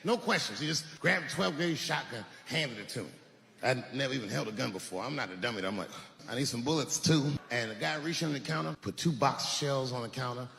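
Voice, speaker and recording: A man's voice: mid-range voice, quick pace, creaky, bright, forceful tone. A man telling stand-up stories conversationally, acting out the people he meets. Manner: conversational storytelling with acted-out voices. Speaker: stand-up comedian. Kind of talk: stand-up storytelling. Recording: reverberant venue with audience noise.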